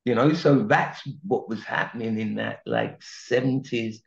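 A man's voice: mid-range voice, unhurried, gravelly, highs cut off. A man, a singer talking earnestly about growing up, leaning on "you know" and "right?". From South London, England. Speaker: singer, interview guest. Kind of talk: candid reflective interview talk.

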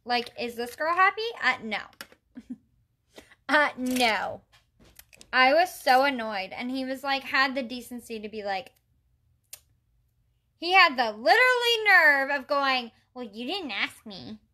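High-voiced and lively in intonation, this young woman is unhurried, leaving long pauses, and her tone is sharp. As a makeup vlogger livestreaming her routine, she talks casually and tells stories in an exasperated, talkative way, greeting viewers and reading their chat messages.

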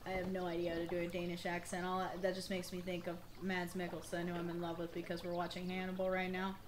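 Talking fast in a monotone, this young woman has a fairly low, slightly worn voice, with background noise behind her. She chats casually through a streamed game, cursing freely and laughing a lot, in easygoing let's-play style.

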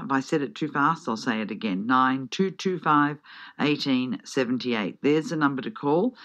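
A woman's voice: deep voice, a bit bright. Chatty woman radio host. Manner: chatty, laughs often, reads out ticket details slowly. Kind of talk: live radio interview. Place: radio studio. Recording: dull lo-fi radio broadcast.

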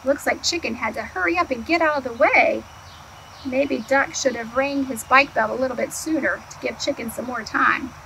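An early childhood educator reads a picture book to young children in a high-pitched voice, slowly and clearly in storytime fashion. She's animated, posing questions to the kids and answering them herself. The recording is rough, with a faint hiss or hum.

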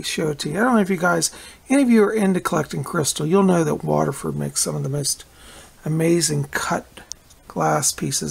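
A man's voice: fairly high pitch, vocal fry, slightly rough. A man chatting casually at home in a rambling vlog, looping back with "anyways" and restarts. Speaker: psychic vlogger.

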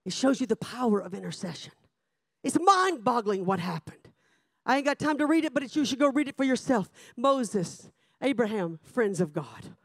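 A woman preacher, delivering a revival sermon that swings between shouted passages and hushed asides. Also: on the high side, very animated, moderate pace, no echo, studio quality.

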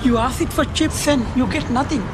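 A man's voice: very high voice, a little fast. An actor playing an odd man who grumbles about chips and bluntly repeats one word, in a film comedy. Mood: grumbling. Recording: outdoor street noise, passing cars.

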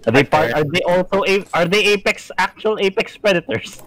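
A man's voice: high voice, a little fast, a bit bright. A man chatting casually while gaming, cracking jokes and letting out panicky yelps. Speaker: gamer.

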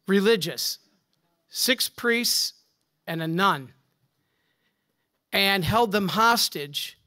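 Slow, emphatic preaching priest. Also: male voice, high-pitched. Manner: emphatic preaching with rhetorical questions; swings from forceful declarations to hushed asides. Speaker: Catholic priest. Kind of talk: conference talk to a congregation.

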